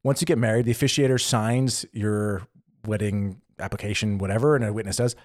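Speaking a little fast in a lowish voice, this young adult co-host of a podcast, who lives in Germany, animatedly narrates a story in casual conversation and acts out short quotes. The studio recording is clean, with no room sound.

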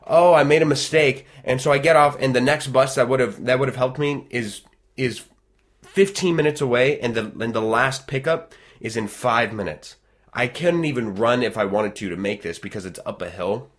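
An ordinary mid-range male voice, neither high nor low. He tells his story in loose, animated casual chat, piling up clauses and restarting sentences. He acts out what others said along the way. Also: normal speed. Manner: animated, rambling, frequent restarts, acts out quoted dialogue.

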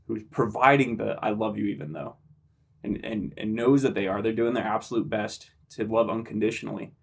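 A man hosting a podcast, asking a guest slow, halting questions with fillers. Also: lowish voice, flat delivery, gravelly, breathy edge. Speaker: podcast host. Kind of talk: interviewing a guest.

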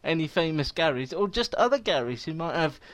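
A man's voice: a little high, very animated, brisk, a crowd in the background. A man hosting a casual podcast, chatty and jokey, laughing often. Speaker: podcast host and website editor.

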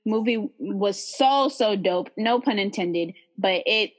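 A woman's voice: medium pitch, slow. Chatty young woman podcast co-host. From San Francisco Bay Area. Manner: relaxed, chatty, many fillers and likes. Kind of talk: casual podcast chat.

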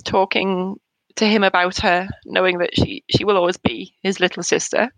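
Mum in her 30s, hesitant, bit of vocal fry, dry close sound. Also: fairly low pitch, flat delivery, no room sound, poor audio. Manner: hesitant, halting, with soft laughs between thoughts. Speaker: interview guest, bereaved mother. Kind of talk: emotional personal conversation.

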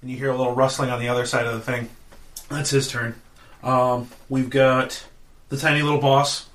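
Bright-voiced man running a tabletop game. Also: level tone, moderate pace. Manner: playful, puts on squeaky goblin voices. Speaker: dungeon master.

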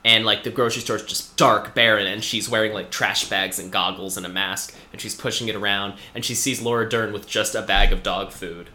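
Man, casual chat, rambling storyteller, wry asides, lowish pitch, echoey room. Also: steady tone, brisk, few pauses, sharp tone. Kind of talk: casual chat recapping a TV episode.

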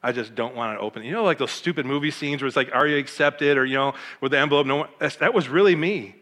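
A middle-aged man from Michigan, a pastor, tells his own story of calling with feeling. His voice sits a little high and rings bright. He slips into the voices of others as he goes. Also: fast, big-room sound. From Michigan, USA. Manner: animated, emotional, acts out quoted voices. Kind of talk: personal testimony storytelling.

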